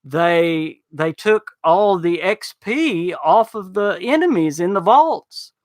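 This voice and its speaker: A man's voice: high voice, animated, slow, no echo. Easygoing man hosting a podcast. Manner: easygoing, drawling, frequent fillers and restarts. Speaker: podcast host. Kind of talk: casual podcast chat reading viewer comments.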